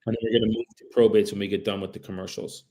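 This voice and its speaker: A man with a low, gravelly voice makes cold calls on a livestream, talking casually and directly to his viewers. On the phone he turns polite and apologetic. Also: level tone, very fast, dark tone. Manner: chatty, addresses viewers directly. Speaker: real estate agent.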